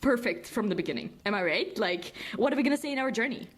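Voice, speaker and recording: A young woman chats as co-host of a casual podcast, speaking English that is not her first language. She is jokey, laughs a lot and keeps her voice animated. Her pitch sits a touch high for a woman and swings widely. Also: fast talker. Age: young adult. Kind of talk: casual chat.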